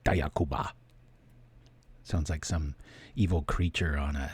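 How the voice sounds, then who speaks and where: A man's voice: extremely low pitch, steady tone, normal speed, pauses often, darkish tone, a little hiss or hum. A man giving casual, chatty commentary while he plays a card game on stream, thinking aloud and thanking viewers.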